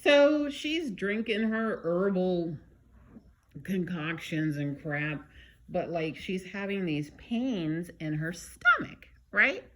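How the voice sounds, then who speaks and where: Slow, low-voiced woman retelling a movie. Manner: animated, chatty, with many fillers and side comments. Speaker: vlogger. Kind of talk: casual movie recap.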